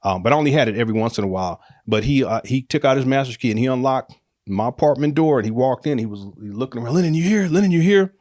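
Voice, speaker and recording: Middle-aged male storyteller, casual and animated, frequent laughter. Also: medium pitch, fast talker, no echo, studio quality. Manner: animated, laughs often, acts out quotes with raised voice.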